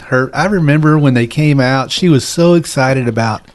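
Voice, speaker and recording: A man's voice: mid-range voice, normal speed. A man, a chef guest, telling rambling anecdotes in casual podcast chat. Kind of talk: casual storytelling.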